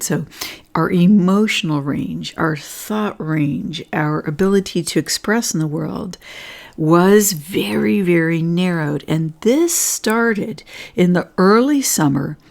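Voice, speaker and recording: A woman with a low, hoarse voice hosts a casual livestream talk. She chats easily, laughs often and stops to clear her throat. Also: slow pace, darkish tone. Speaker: host presenting Schumann resonance readings.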